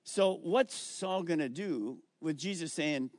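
A middle-aged male pastor preaching a sermon, emphatic and slowing down on key words as he reads scripture aloud. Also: on the high side, no echo, clean studio sound.

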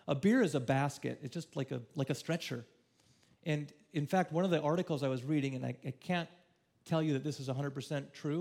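A man preaching a sermon in a conversational way, moving between hushed, tender passages and emphatic, rising ones. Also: a little high, creaky. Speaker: pastor.

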